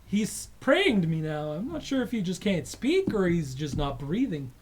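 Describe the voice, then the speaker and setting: A woman's voice: lowish voice, sing-song, moderate pace, darkish tone, a little hiss or hum, pitched above the performer's own voice. A woman voicing a jittery, chatty alien desk clerk in a tabletop game. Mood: flustered chatty. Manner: chatty, flustered, laughing.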